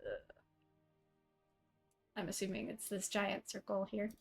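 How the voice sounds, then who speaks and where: Slow-talking woman player, music behind. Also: mid-range voice, fairly even intonation, gravelly, slightly rough. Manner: giggly, thinking aloud. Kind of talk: playing a tabletop game.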